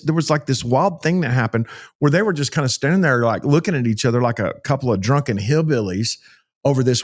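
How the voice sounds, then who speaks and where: A man, a pastor telling a rescue story in an interview and acting out the voices of the people in it. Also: medium pitch. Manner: animated storyteller, acts out quoted voices.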